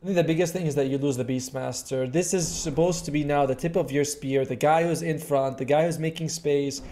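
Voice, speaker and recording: Higher-voiced chatty male esports analyst. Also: steady tone, a little fast, dark tone. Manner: chatty, explains, jokes along. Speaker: esports co-caster. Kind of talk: live analytical color commentary.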